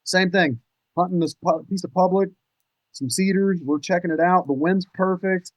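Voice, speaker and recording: Excitable man telling a hunting tale. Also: high voice, normal speed, no room sound, rough recording. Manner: animated, excitable storytelling with casual cursing. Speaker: podcast guest, bowhunter. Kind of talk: casual storytelling chat.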